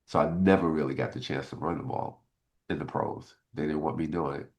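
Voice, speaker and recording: A middle-aged man, a former football player, telling stories in a casual interview and getting animated as he recalls his frustrations. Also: a little fast. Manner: animated, jumps high in pitch when retelling frustration.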